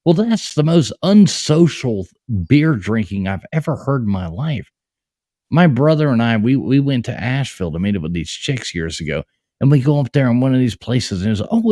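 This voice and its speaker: Male host, casual storyteller, animated pitch, dry close sound. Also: no echo. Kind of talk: casual chat on a live stream.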